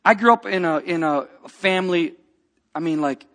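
A man preaching a personal testimony, telling a story with lively acted-out quotes and dropping to a hush for tender moments. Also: high-pitched, moderate pace. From grew up in a rough biker family.

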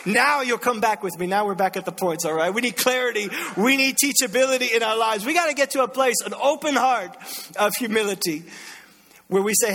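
A man in his thirties preaching a sermon, telling a lively family story and acting out the voices with frequent laughs. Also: sits high, brisk. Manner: animated storytelling, acts out voices, laughs often. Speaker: pastor.

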